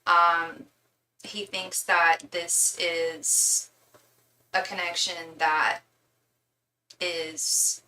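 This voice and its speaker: A woman's voice: on the low side, sharp tone, reverberant. Young woman, tarot reader, chatty, fillers and restarts, slightly distant mic, faint background noise. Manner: calls the listener "girl". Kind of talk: live tarot reading.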